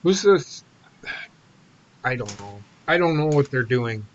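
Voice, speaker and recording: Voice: medium pitch, expressive, takes it slowly. A co-host rants bluntly about wrestling, swearing freely in loose, casual talk. The recording sounds a little dull and lo-fi. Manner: profane, blunt opinions. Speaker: podcast co-host.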